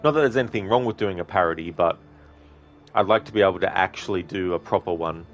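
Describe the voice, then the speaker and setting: A man with a notably low, deep voice chats casually with his viewers while he plays a video game live, rambling through his answers. Faint game music plays behind him. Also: quick pace. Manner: rambling, talkative, answers chat directly. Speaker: gaming streamer. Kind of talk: casual live-stream chat while playing.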